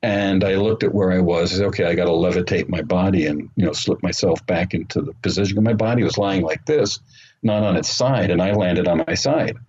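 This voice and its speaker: A man telling his story as an interview guest, earnest and unhurried, with frequent ums and uhs. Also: low-pitched, darkish tone, husky. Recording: muffled remote call audio with faint noise.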